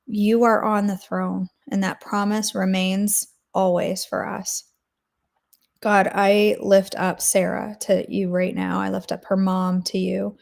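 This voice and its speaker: A woman's voice: mid-range voice, creaky, a little mellow. A woman hosting a daily devotional, leading an earnest spoken prayer and then chatting casually with her listeners. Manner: earnest, intercessory, repetitive phrasing. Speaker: devotional host.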